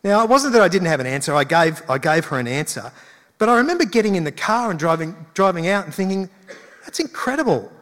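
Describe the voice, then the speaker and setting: A man's voice: high-pitched, expressive, fast talker, fairly bright tone. A male pastor giving a conversational sermon with emphatic rises. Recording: long hall reverb.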